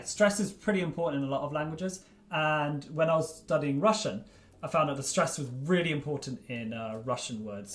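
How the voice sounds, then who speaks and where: A man chatting casually to camera as a language-learning vlogger, relaxed and loose, with plenty of fillers. His voice sits at an ordinary middle pitch. The sound bounces around an echoey room. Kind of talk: casual vlog talk to camera.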